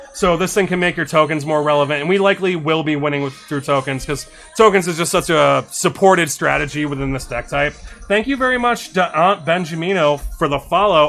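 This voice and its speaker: A bright-voiced man chatting on a live stream, his pitch sitting a little high. He thanks followers and reads out text in quick, excited bursts. Soft music plays faintly behind him. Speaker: streamer reviewing card suggestions. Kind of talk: casual live-stream chat. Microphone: desk microphone.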